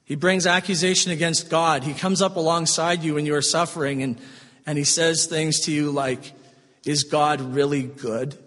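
A man preaching a sermon, swinging between strong emphasis and hushed, slow, tender passages. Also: fairly high pitch, steady tone, big-room sound. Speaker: pastor.

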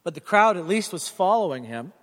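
This middle-aged pastor's high voice swings widely in pitch, fairly quick and fairly bright in tone. He preaches earnestly and directly, telling stories with animation, and the hall around him reverberates.

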